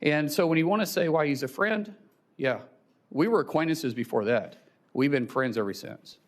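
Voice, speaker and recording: A middle-aged man testifying at a hearing, telling a personal story in a halting way with many restarts, emotional and close to tears. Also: on the high side, animated.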